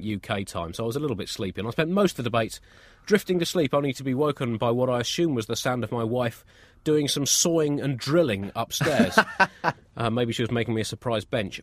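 A man co-hosts a satirical comedy chat, delivering dry, absurdist jokes. His pitch sits mid-range and swings widely. The sound is dry and close. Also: no room sound. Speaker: comedy co-host.

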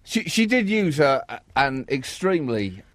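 A sardonic man co-hosts a satirical comedy chat and often chuckles at his own lines. His voice sits a little high and moves through a wide, animated range. The recording is dry. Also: measured pace, no echo. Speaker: comedy co-host.

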